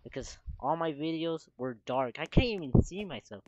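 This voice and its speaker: Excitable young guy with a lively, cracking voice. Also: fairly high pitch, moderate pace, dull audio. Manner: rambling, excitable, sudden loud outbursts. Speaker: gaming video creator. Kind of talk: casual gameplay commentary. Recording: noisy home mic recording.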